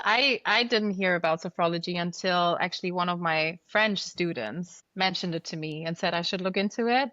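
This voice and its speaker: A woman's voice: lowish voice, fairly bright tone, dry recording, lo-fi sound. A woman guest in a podcast interview, speaking thoughtfully and often searching for her words. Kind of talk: conversational interview.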